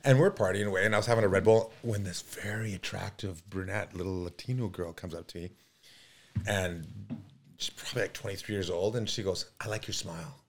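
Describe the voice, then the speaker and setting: A man in his fifties from Canada, a podcast guest telling stories in an animated, rambling way with many fillers. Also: low-pitched, brisk, slight background noise. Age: 50s. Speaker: podcast guest, pro mountain biker. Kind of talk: casual storytelling.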